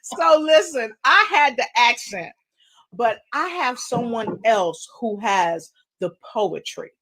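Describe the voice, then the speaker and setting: A woman's voice: on the high side, expressive, takes it slowly, pushed and bright. A woman hosting a talk show, playfully hyping up each guest with rhymes as she introduces them. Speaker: host.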